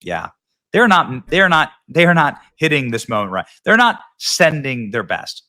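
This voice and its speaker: A man's voice: a little high, big pitch swings, measured pace, pushed and bright. A man hosting casual political commentary, sarcastic and mocking, sometimes mimicking voices.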